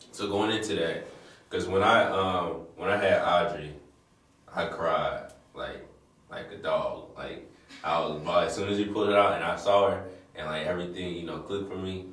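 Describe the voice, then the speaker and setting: A man with a very deep voice chats as a podcast co-host. He speaks in a relaxed, slangy way, letting his thoughts run on loosely. The mic sits far off in a heavily echoing room. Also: normal speed. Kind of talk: casual chat. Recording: very echoey room, distant mic.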